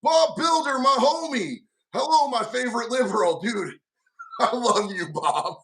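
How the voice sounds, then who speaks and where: A man's voice: very high voice, expressive, a little slow, fairly bright tone, slight background noise. A middle-aged man hosting a casual livestream, chatting and reading out viewer comments in a slangy, affectionate way that calls people homie and dog. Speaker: livestream host. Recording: mic set far from the speaker.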